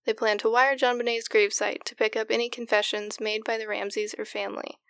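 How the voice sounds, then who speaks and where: A woman's voice: a little high, level tone, brisk, a bit bright, no room sound, studio quality. Insistent woman narrating a crime case. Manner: insistent, argumentative, swears casually. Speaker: podcast co-host narrating the case. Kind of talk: casual true-crime podcast chat.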